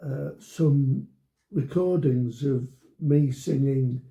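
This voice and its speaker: A man's voice: mid-range voice, drawn-out words, gravelly, warm tone. A man in his seventies chatting casually at home, joking and bantering playfully. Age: 70s. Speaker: vlog co-host. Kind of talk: casual chat. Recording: echoey room.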